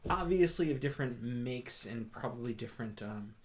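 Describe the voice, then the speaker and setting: A man's voice: mid-range voice, lively intonation, moderate pace, a little mellow, a little hiss or hum. A man running a tabletop game as game master, describing scenes at length with frequent hesitations. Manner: descriptive, many fillers and restarts.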